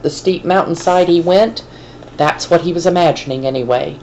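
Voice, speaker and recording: Low-voiced woman teacher reading aloud. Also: normal speed, darkish tone, slight background noise, poor audio. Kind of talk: classroom read-aloud of a novel.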